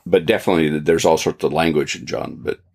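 Deep gravelly man thinking aloud. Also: fairly even intonation, fast talker, a little mellow. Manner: frequent backchannel agreement, thinks aloud. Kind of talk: casual theological conversation.

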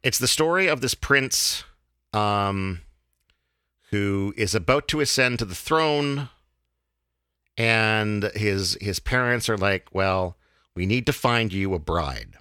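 A man hosting a casual podcast, talking in a halting way with many fillers and restarts. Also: fairly low pitch, expressive, bright, forceful tone, clean tone, no room sound, clean studio sound. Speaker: podcast host.

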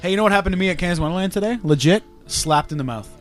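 A man hosting a podcast, telling stories and teasing his friends in crude, quick banter. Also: sits high, expressive, faint music behind. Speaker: podcast host.

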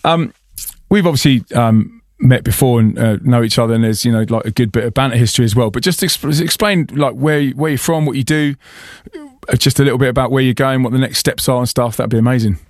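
A man's voice: medium pitch, fast, dry recording. A man hosting a podcast in casual chat, chatty and often laughing, talking from a small insulated studio. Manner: chatty, laughing, filler-heavy. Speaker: podcast host.

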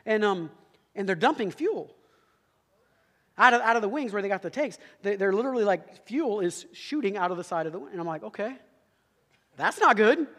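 A man with a high voice tells a funny story from the pulpit at a rapid clip. His animated delivery is full of asides to the listeners, and his voice rings with the long reverb of a big hall. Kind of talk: humorous sermon story.

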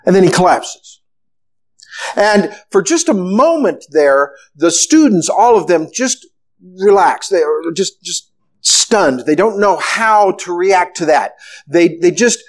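High-voiced man preaching a sermon. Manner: conversational preaching, strings of rhetorical questions. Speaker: pastor.

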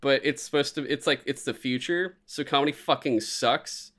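A man's voice: medium pitch, moderate pace. Rambling, profane man in casual chat. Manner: rambling, profane, animated retelling with put-on voices.

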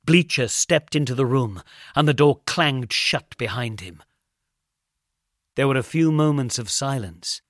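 A man narrating a suspense story in a measured, steady way, sinking to a hush when tension builds. His voice sits in a middling pitch. The recording is dry and close, with no room sound. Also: no room sound. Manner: measured, suspenseful, drops to a hush at tense moments.

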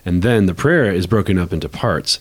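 A man's voice: sits low, animated, a little fast. A man co-hosting a podcast, casually explaining chant terms and humming short patterns. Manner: conversational, hums chant patterns, defers to co-host. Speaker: podcast co-host.

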